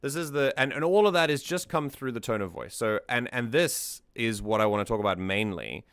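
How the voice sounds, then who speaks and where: A man's voice: mid-range voice, expressive, a little fast, a bit bright, smooth, no echo. A man hosting a music analysis stream, talking things through in a thoughtful, casual way and often repeating words as he thinks.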